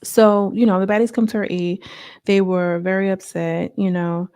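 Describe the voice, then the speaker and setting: A woman chattily recapping a reality TV episode, full of fillers and quick asides. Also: medium pitch, level tone, a little mellow, clear, resonant tone, no echo. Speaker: YouTube reality-show reviewer.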